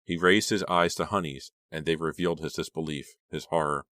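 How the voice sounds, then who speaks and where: A man with a very deep voice narrates a horror novel in a dramatic, suspenseful reading. The sound is dry and close, with no room around it. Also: steady tone, fairly quick, a bit bright, no echo. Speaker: audiobook narrator. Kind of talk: scripted narration.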